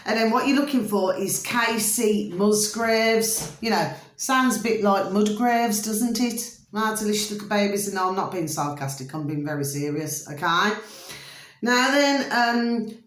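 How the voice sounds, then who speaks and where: A woman, host of her own channel, chatting to her viewers in a rambling, fond way, full of endearments and repeats. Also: medium pitch. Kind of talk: rambling casual monologue to viewers. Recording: roomy echo.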